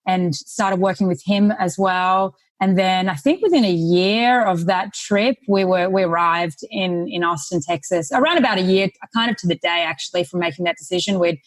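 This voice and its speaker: A woman's voice: fairly low pitch, moderate pace, few pauses, no room sound. Australian woman telling her story. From Sydney, Australia. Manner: friendly storytelling, laughs easily. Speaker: guest, real estate investor. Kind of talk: casual interview conversation.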